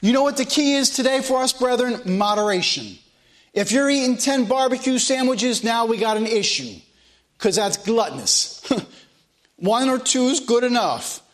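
Male preacher, high-pitched, folksy sermon delivery with emphatic repetition. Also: fairly bright tone. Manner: folksy, repeats phrases for emphasis.

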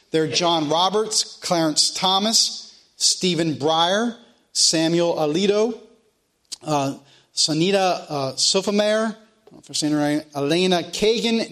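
Pastor, man, high voice, slow emphatic preaching and prayer. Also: a bit bright. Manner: preaching with slow, emphatic phrasing, sometimes repeating himself. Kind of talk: sermon and prayer.

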